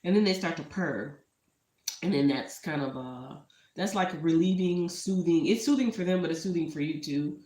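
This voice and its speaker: A woman's voice: deep voice, moderate pace, warm tone. A woman talking casually to the camera as a vlogger. She is heartfelt and a little emotional, and she keeps drifting into asides. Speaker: entrepreneur vlogger. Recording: roomy echo.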